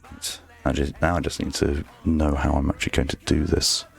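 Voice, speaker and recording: A man streaming his art, talking softly in an ASMR-style murmur right on a close microphone, rambling to himself as he draws. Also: very deep voice, level tone, a little fast, vocal fry. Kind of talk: soft ASMR-style stream chat while drawing. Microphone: very close desk microphone. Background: faint background music.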